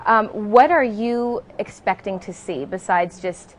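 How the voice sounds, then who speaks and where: A woman's voice: medium pitch, a little slow, a little hiss or hum. A woman co-hosting a casual talk show, bubbly and gushing toward her guests. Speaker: co-host.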